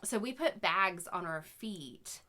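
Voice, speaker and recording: A woman's voice: lowish voice, expressive, takes it slowly, bright, forceful tone. A woman in her thirties co-hosting a family podcast, chatting casually, laughing often and talking openly about her feelings. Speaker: podcast co-host. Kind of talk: casual chat.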